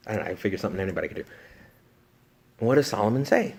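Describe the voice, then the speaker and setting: Animated priest giving a retreat talk. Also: male voice, lowish voice, racing, vocal fry, pauses often, breathy edge. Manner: animated and joking, swinging from loud to hushed. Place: talk to a young adult group.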